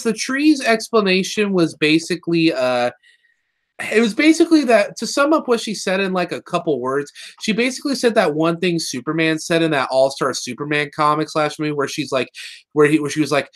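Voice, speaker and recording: A man co-hosting a podcast, excitedly retelling a cartoon episode in casual chat, rambling and swearing and slipping into quick voices for the characters. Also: on the high side.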